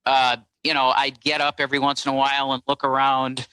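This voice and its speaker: A man guest on a talk show, recounting events in a halting, rambling way with many fillers. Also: mid-range voice, completely flat delivery, bright, forceful tone, clean tone, no echo, rough recording. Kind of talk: casual phone-in interview.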